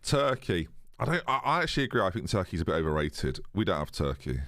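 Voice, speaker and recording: A man's voice: fairly low pitch, big pitch swings, a little fast, a bit bright, dry recording, studio quality. A young man casually chatting with his live-stream viewers, joking and reading their messages aloud. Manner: chatty, jokey, reads chat aloud.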